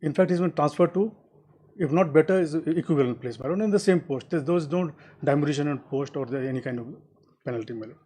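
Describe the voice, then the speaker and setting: A man's voice: fairly high pitch, quick pace, mellow, slightly rough, poor audio. A man, an advocate making a formal courtroom argument to a judge and adding "my lord" to nearly every sentence. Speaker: advocate arguing before a bench.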